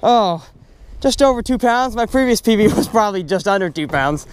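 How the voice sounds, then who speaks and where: A young man hosting a fishing vlog from a boat on a river, excitable, whooping and laughing. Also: high voice, normal speed, a little hiss or hum. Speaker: fishing channel host.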